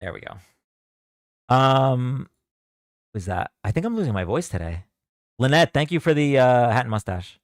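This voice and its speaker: A young man hosts a casual debate livestream, chatting loosely, reading the chat aloud and thanking donors as he goes. His mid-range voice has a sing-song lilt, and he speaks at normal speed but pauses often. The sound is clean studio quality with no echo.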